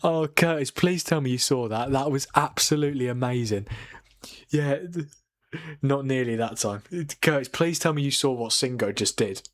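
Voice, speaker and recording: A man hosting a late-night football watchalong from home, excitable and laughing, swearing as he reacts to the match. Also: medium pitch, normal speed, no echo, studio quality. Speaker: watchalong host. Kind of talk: live football watchalong commentary. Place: home at night, keeping quiet.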